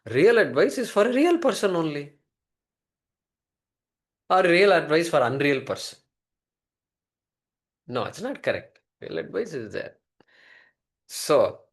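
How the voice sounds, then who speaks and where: A man giving a classroom lecture on a Sanskrit text, explaining word by word and posing rhetorical questions. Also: a little high. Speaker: scripture teacher.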